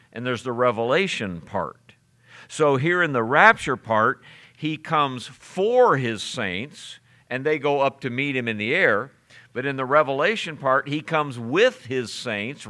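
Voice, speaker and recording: Bright-voiced man preaching a sermon. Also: mid-range voice. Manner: conversational preaching with fillers and chuckles. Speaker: pastor.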